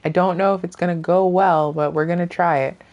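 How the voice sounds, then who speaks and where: A woman streamer chatting casually over her gameplay, rambling and often trailing off into soft murmurs. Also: fairly low pitch, steady tone, brisk, dull audio. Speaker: gaming streamer.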